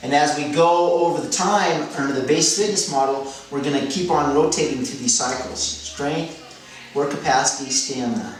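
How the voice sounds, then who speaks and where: Speaking a little fast with few pauses, a fitness coach with a mid-range voice lays out a training method methodically. He repeats key phrases and corrects himself, and the recording is echoey, with the mic far away and music behind.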